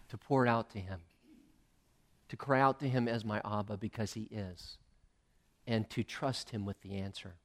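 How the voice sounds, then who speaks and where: A male preacher giving a sermon, emphatic and swinging between loud and hushed. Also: medium pitch.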